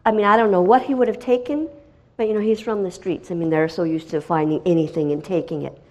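A woman's voice: on the low side, quick pace. Middle-aged woman telling a dramatic testimony. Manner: dramatic storytelling, swinging from hushed to loud and excited. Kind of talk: spoken testimony.

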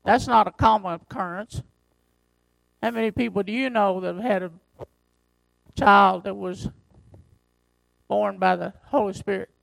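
A man pastor preaching a sermon, reading scripture slowly and driving his points home with emphasis. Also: sits high, steady tone, vocal fry, a bit bright, no echo, low-quality recording.

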